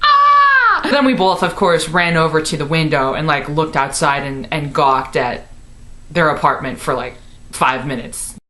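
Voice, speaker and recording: A woman in her twenties from Missouri, telling a comic story to the camera in her apartment, bubbly and animated, full of "like". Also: deep voice, moderate pace. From Missouri, USA. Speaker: comedy vlogger. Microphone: camera in her room.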